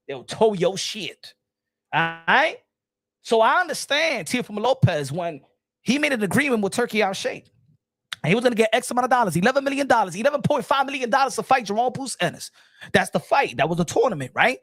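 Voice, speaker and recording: A man giving casual boxing commentary, animated, repeating himself and firing off rhetorical questions. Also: extremely high pitch, quick pace, dry recording, clean studio sound. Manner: animated and repetitive, many restarts and rhetorical questions.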